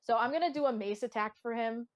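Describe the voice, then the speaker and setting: A woman's voice: a little high, fast. Chatty woman running a tabletop game. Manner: chatty, casual narration with fillers. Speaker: game master.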